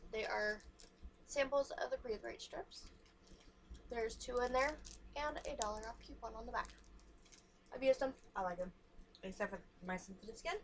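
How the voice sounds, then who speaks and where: A woman's voice: fairly high pitch, a bit bright, a little hiss or hum. A young woman vlogger chatting frankly and casually while showing free samples to the camera. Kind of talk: casual chat.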